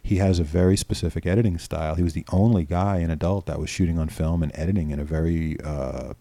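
A man's voice: deep voice, fast, mellow, dry recording. A middle-aged man from New York, a filmmaker guest telling stories in a rambling, casual way with lots of restarts and some swearing, on a close podcast mic. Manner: rambling, repeats words and restarts, swears freely. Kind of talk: casual storytelling interview.

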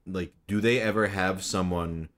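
A man's voice: low voice, steady tone, unhurried, a bit bright. A man in casual conversation, asking questions and talking thoughtfully and playfully about accents. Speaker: interviewer. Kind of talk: casual chat.

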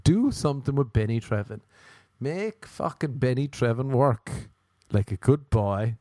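A man's voice: expressive, unhurried, warm tone, no echo, clean studio sound, natural voice. A man voicing his own brain as a scornful, bossy inner voice. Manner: taunting, higher-pitched.

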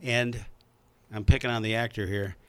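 A man's voice: on the low side, steady tone, normal speed, fairly bright tone, clean tone. A man hosting a casual talk show, chatty and rambling, with lots of fillers. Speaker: podcast host.

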